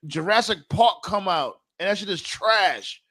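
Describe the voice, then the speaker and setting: A man's voice: high voice, animated, measured pace, pushed and bright. A man co-hosting a wrestling podcast, talking emphatically with lots of swearing and jokes. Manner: profane, joking, emphatic. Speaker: podcast co-host. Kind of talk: casual chat.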